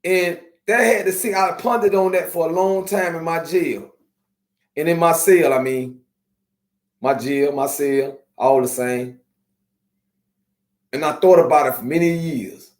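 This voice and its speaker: A man hosting a podcast, talking casually and streetwise to his viewers, slowing down to preach his points. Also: fairly high pitch, steady tone, a little mellow. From Miami. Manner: streetwise, preachy, drawn-out slow emphasis. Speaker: podcast host. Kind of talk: casual live-stream talk to viewers. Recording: echoey room.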